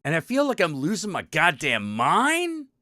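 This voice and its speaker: A man's voice: on the high side, huge pitch swings, moderate pace, bright, forceful tone, no echo, studio quality. A man hosting his own stream, ranting casually and profanely to his chat, rambling and exasperated with lots of restarts. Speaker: stream host.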